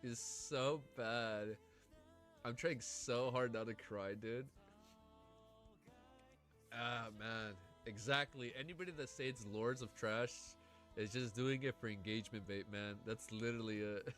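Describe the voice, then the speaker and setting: Male streamer with a bright, forceful voice and a stuffy nose, excitable and profane, faint music behind. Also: medium pitch, unhurried. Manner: excitable, swears a lot, emotional. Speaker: livestreamer. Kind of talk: casual livestream reaction and reading aloud.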